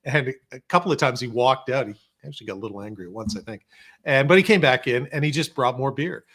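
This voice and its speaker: A man in a podcast studio telling animated, humorous stories as a guest, sometimes slipping into voices for quotes. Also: mid-range voice, fast talker. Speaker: podcast guest, former researcher and filmmaker. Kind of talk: casual storytelling chat.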